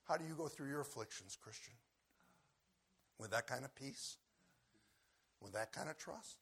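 A man preaches with a husky, gravelly voice that has a bright, forceful edge. He bursts into loud shouts when acting out scripture scenes, then sinks to quiet, low asks of his listeners. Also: expressive, normal speed. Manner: swings from loud shouted acted quotes to low quiet asides. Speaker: pastor. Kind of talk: sermon.

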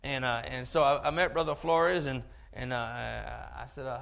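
A man preaching a sermon, telling a story in an animated way with chuckling asides. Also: mid-range voice, moderate pace, gravelly.

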